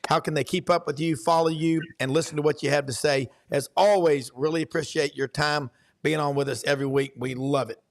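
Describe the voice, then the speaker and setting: Gravelly, folksy Southern sports host. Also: male voice, fairly high pitch, fairly even intonation, brisk. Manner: folksy, rambling with many fillers. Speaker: podcast host. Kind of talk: casual sports talk.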